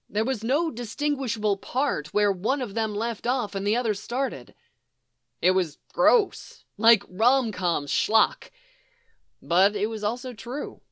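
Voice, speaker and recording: Smooth-voiced woman reading a story. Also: medium pitch, dry recording, clean studio sound. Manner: even storytelling narration. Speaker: reader. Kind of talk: reading fan fiction aloud.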